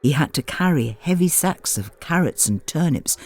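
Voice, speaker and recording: A man reading a children's storybook aloud in a gentle, expressive manner. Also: fairly high pitch, normal speed, dry recording. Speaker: narrator. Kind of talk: storybook narration.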